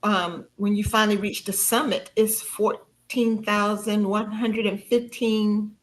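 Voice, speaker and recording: Sharing a personal anecdote as a podcast guest, a woman talks a little slowly but with animated energy. She laughs frequently and her voice jumps high when she repeats her own words.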